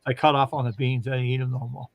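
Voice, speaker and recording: A man's voice: mid-range voice, flat delivery, fast talker, no echo. A man casually telling long, rambling funny stories on a livestream and laughing as he goes. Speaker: livestream host. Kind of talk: casual storytelling chat.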